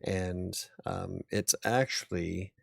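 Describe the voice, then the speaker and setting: A male host chats easily in a casual interview, pausing on fillers as he talks. His voice sits low with a gravelly fry, recorded close and dry with no room sound. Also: steady tone, no room sound. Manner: easygoing, halting with fillers.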